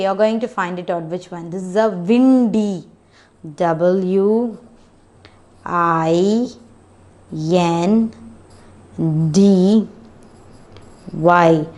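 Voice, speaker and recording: A woman's voice: medium pitch, a little mellow. A woman teaching phonics, sounding out and spelling each word letter by letter and repeating it. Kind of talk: slow classroom teaching.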